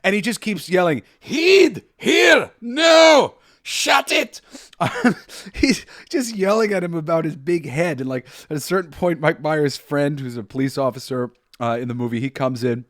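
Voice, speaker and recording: A young man chats through a solo podcast in a loose, rambling way, laughing often and restarting his sentences. His voice sits a bit high for a man. It is recorded close and dry, with no room sound. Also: steady tone, fairly quick, few pauses, dry recording. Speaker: podcast host. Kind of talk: casual solo podcast film chat.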